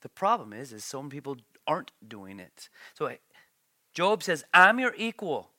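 Middle-aged male pastor, lively sermon delivery, bright forceful tone, dry close sound. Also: mid-range voice, normal speed, no room sound. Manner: animated preaching, voice climbing when storytelling.

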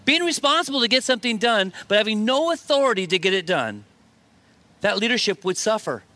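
Man, pastor, sermon, high bright voice, dry close sound, emphatic repetition. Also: a little fast, no room sound. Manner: animated preaching with shifts of emphasis and repetition.

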